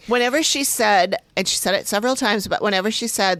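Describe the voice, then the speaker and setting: A woman's voice: medium pitch, quick pace, hardly any pauses, fairly bright tone, no room sound. A woman co-hosting a podcast, chatting casually and laughing easily while recapping an episode. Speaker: podcast co-host.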